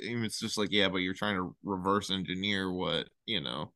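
A man with a low, deep voice and a bright, crisp, clean tone, guesting on a casual podcast. He rambles excitedly from one number theory to the next, and his voice is recorded close and dry. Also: moderate pace, no room sound. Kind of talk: casual chat.

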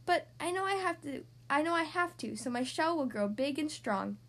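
A small boy turtle from a storybook speaks in a high, shaky, childlike voice, as a woman acts him out. He sounds timid and unsure of himself. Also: animated, moderate pace, fairly bright tone.

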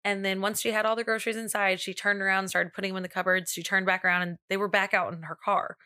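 A woman's voice: mid-range voice, level tone, fast, sharp tone, dry recording, clean studio sound. A woman co-hosting a podcast, retelling a spooky story in a loose, chatty way with many fillers. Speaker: podcast co-host. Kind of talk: casual chat and storytelling.

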